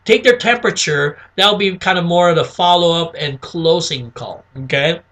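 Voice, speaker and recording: A man's voice: on the high side, normal speed, a bit bright. A man teaching sales calls in a casual, chatty way, often checking in with "okay?" and acting out sample phone calls. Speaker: sales trainer. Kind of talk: casual instructional talk.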